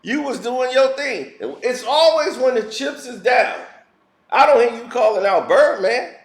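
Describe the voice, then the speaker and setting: A man with a high-pitched voice delivers a blunt, heated, preachy opinion rant. He talks as a commentary vlogger. His voice rings in a roomy echo. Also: animated, a little slow.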